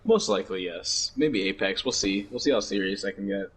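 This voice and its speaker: A man's voice: fairly low pitch, a little fast, breathy edge. A man co-hosting a casual gaming chat, dropping brief, laughing quips. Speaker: gaming podcast co-host.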